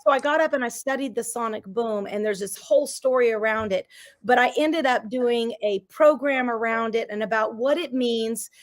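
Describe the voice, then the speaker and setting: A middle-aged woman, a business coach and interview guest, talking in an energetic, emphatic, motivational way. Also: on the high side, normal speed. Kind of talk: casual interview chat.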